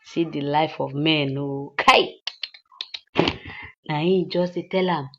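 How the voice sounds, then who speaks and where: A woman's voice: low voice, fairly even intonation, slow pace, muffled recording. A woman recapping a drama series in a chatty, casual way, slipping in pidgin asides. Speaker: series reviewer.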